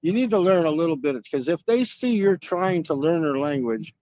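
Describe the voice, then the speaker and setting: A man's voice: on the high side, expressive, normal speed, a little mellow. Rambling, profane man. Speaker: stream host. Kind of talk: casual chat.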